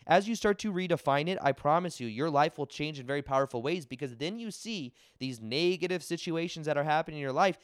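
A young man hosting a podcast, telling a personal spiritual story in an energetic, casual way with many fillers and restarts. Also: on the high side, fast, hardly any pauses, clean tone, no echo, clean studio sound. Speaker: podcast host. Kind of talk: personal spiritual talk to listeners.

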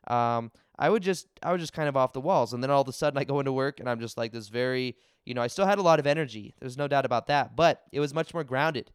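A young man hosting a podcast, telling a personal spiritual story in an energetic, casual way with many fillers and restarts. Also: mid-range voice, fast talker, few pauses, clear, resonant tone, dry recording, clean studio sound. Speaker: podcast host. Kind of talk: personal spiritual talk to listeners.

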